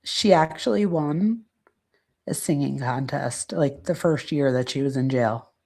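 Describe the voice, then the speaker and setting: A woman hosting a true crime channel, casually reading out quotes and commenting, pausing now and then to search her notes. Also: low voice, creaky, darkish tone.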